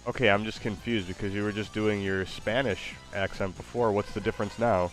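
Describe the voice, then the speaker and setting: Lowish-voiced guy streaming, casual, lots of ums, trips over his words. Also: fairly even intonation, fairly quick, soft background music. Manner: hesitant, many fillers, tongue-tied. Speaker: streamer host. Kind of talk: casual chat.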